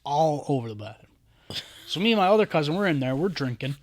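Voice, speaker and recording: A man co-hosting a podcast, chatting casually and telling stories in an animated, profane way. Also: fairly high pitch, fast talker, no room sound. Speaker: podcast co-host. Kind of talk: casual chat.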